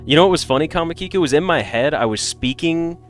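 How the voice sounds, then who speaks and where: A man with an American accent, a little congested, chatting casually with viewers in a rambling, animated way. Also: on the high side, fast, soft background music. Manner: animated, rambling, swings between loud bursts and mutters. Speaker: streamer.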